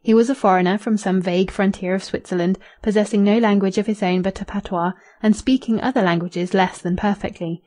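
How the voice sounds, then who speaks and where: A woman narrating a classic novel as an audiobook, in an even, measured reading. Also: medium pitch. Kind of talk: scripted narration.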